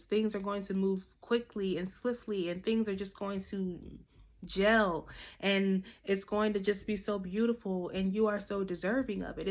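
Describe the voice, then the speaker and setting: A woman doing a casual tarot reading to camera. She talks directly and coaches her listeners, peppering her advice with slang, casual swearing and a checking-in "okay?". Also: mid-range voice. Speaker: tarot reader.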